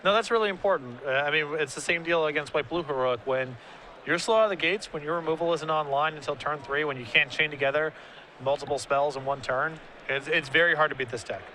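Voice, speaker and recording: A man's voice: fairly high pitch, quick pace, pushed and bright, a little hiss or hum. A man giving color commentary on a card game tournament, analytical with a dry sense of humor.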